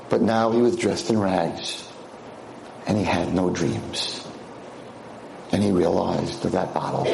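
A man's voice: low-pitched, creaky, a little mellow, roomy sound, slight background noise. A man giving a lecture to a class of girls, telling a dramatic story and acting out its characters.

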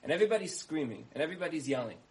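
A man's voice: fairly high pitch, big pitch swings, rapid-fire, poor audio. A man giving a storytelling sermon, repeating key phrases for emphasis and acting out the dialogue of his story. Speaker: speaker giving a talk.

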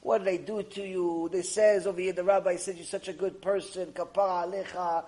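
A man voicing a fervent ninety-year-old woman who wails and shouts warnings at a story's hero. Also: on the low side, fairly even intonation, fairly quick, close to an everyday voice. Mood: tearful. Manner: wailing, pleading, then shouting warnings.

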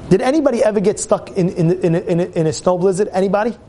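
A man telling a story in a lively sermon, often repeating words as he goes. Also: high-pitched, fast. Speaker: rabbi teaching a Torah class.

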